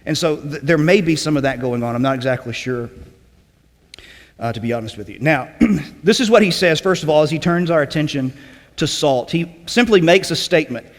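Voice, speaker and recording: A man's voice: fairly high pitch, expressive, fairly quick. Man preaching in a reverberant hall. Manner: conversational teaching, frequent "okay?" check-ins; clears throat often. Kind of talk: sermon. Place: church sanctuary.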